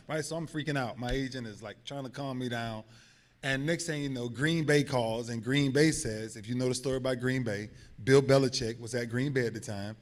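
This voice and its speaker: A man in his forties holds the floor as a guest speaker, spinning stories in a lively, animated way. He acts out each quote, his pitch leaping high and dropping low as he goes. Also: a little fast. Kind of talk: lively storytelling. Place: hotel banquet hall.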